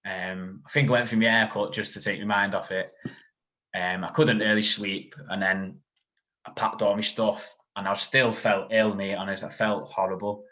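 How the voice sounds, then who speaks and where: A man's voice: lowish voice, little pitch movement, normal speed, pushed and bright. Chatty man, muffled recording. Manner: rambling storytelling full of "like". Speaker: podcast guest. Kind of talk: casual chat. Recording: dull lo-fi sound.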